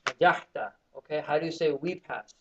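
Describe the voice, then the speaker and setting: A fairly high-voiced man leads a classroom Arabic lesson, drilling his students with call and response. The sound is muffled and lo-fi. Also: brisk, pushed and bright. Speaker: Arabic teacher.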